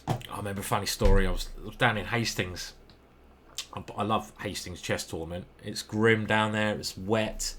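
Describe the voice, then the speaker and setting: A man's voice: fairly low pitch, fairly even intonation, normal speed, fairly bright tone, slight background noise. A man with an English accent commenting casually over his own chess games, rambling, self-deprecating and swearing now and then.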